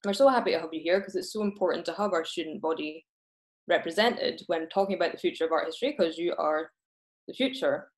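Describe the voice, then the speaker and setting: A woman's voice: on the low side, quick pace. Scottish woman hosting an online talk. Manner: earnest, with small restarts when speaking freely. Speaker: host. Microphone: video call.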